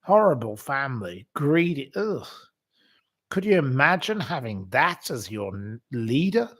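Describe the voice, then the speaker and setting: A man from England hosting a casual livestream, ranting indignantly with theatrical swings between loud outbursts and quiet asides, full of fillers. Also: mid-range voice, sing-song. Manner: slow, drawn-out delivery with many fillers. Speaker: livestream host. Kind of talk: casual political rant to viewers.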